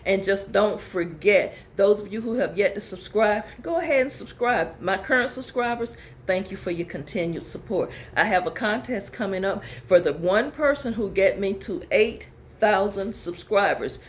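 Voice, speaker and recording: A middle-aged woman pastor hosting a casual vlog, chatty and animated, talking straight to her viewers and reading their emails aloud. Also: mid-range voice, normal speed. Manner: chatty, animated, calls viewers y'all and girl. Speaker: pastor and channel host.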